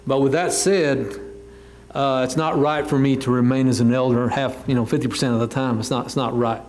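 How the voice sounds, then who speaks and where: A man's voice: mid-range voice, steady tone, fairly quick, darkish tone. A man with a Texan accent giving rambling, folksy church announcements as an elder.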